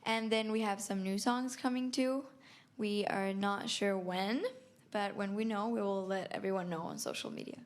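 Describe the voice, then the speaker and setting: Young girl in a band, chill casual answers, normal pitch. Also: fairly even intonation, moderate pace. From Finland. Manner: easygoing, casual. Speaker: band member.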